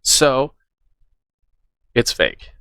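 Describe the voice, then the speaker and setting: A man's voice: very slow, pushed and bright. A man hosting a reaction video, giving casual, skeptical commentary as he debunks what he watches.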